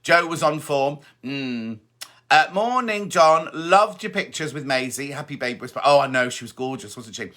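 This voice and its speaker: Chatty man with a bright voice. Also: fairly high pitch, expressive, normal speed. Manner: chatty, reads greetings aloud and chats back. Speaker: host of a live stream. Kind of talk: casual live-stream chat reading viewer comments.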